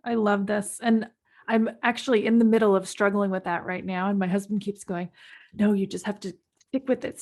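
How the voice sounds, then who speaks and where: A woman's voice: mid-range voice, darkish tone. A woman hosting a parenting podcast, chatty and agreeable in casual conversation. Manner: chatty, agreeable, laughs easily. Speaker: podcast host.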